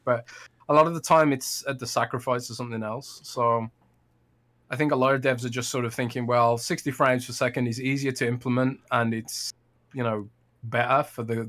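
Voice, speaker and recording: A man's voice: medium pitch, fairly bright tone. A man co-hosting a casual gaming podcast, thinking aloud with hedges and trailing off with "blah, blah". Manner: thoughtful, hedging, trails off with "blah, blah". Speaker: podcast co-host.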